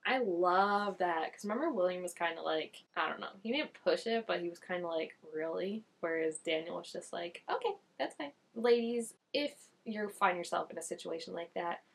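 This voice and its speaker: Husky young woman with vocal fry. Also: fairly low pitch. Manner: chatty, expressive, quick asides and quoted voices. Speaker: reaction vlogger. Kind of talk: casual reaction commentary.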